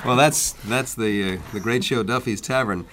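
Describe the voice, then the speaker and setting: A man hosting a radio interview, speaking in a halting, uh-filled way. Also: medium pitch, very noisy. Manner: hesitant, uh-filled, supportive interjections. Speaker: radio host.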